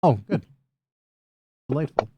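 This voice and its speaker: A young man running a tabletop game as game master, animated and laughing often. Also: unhurried, dull audio, noisy background.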